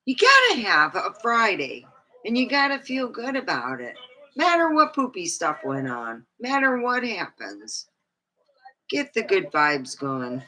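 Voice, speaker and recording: A woman's voice: medium pitch, huge pitch swings, measured pace, pushed and bright, low-quality recording. A woman vlogger rambling in casual live-stream chat, with many fillers and asides.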